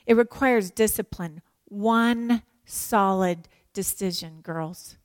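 A woman teaching a sermon to women, animated and emphatic, with playful joking asides. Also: a little high, unhurried, dry recording. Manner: animated and emphatic, acts out prayers and quotes.

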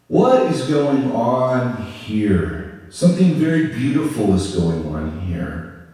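Animated male preacher in an echoey hall. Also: slow, recorded from a distance. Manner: animated storytelling, acting out voices with sudden pitch jumps. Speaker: pastor. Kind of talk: sermon.

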